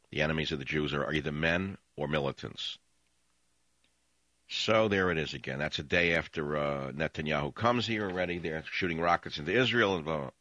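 A man's voice: deep voice, pushed and bright, no echo, dull audio. A man hosting a political talk radio show, reading news items aloud and mocking them in a sarcastic, ranting monologue.

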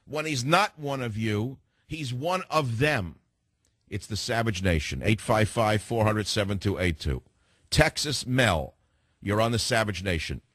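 An opinionated male talk radio host from San Francisco, USA, argues hard and cuts off callers. His mid-range voice sits fairly low, a bit bright, unhurried with lively intonation, and the recording is dry and close with no room around it.

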